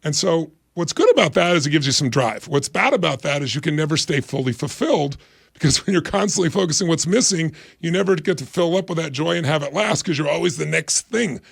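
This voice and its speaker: Brief: fast-talking man in his sixties, gravelly voice, energetic interview guest, dry sound. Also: fairly high pitch, no room sound. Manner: energetic, emphatic, acts out quoted voices. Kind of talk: motivational interview talk.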